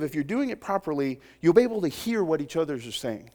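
A man preaching a sermon to a congregation, conversational and joking, swinging from loud emphatic points to soft, intimate asides. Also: fairly high pitch, big pitch swings, fast talker. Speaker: pastor.

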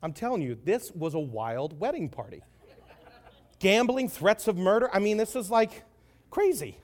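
A man's voice: high-pitched, expressive, moderate pace, darkish tone. A man preaching a sermon as conversational, joking storytelling, with asides to the audience.

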